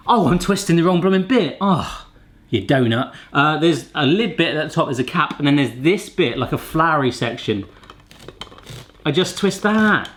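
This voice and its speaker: A man's voice: on the high side, animated, moderate pace, fairly bright tone, a little hiss or hum. A man hosting a kitchen gadget video, chatting casually and cracking playful jokes. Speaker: kitchen gadget reviewer, show host. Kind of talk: casual vlog chat.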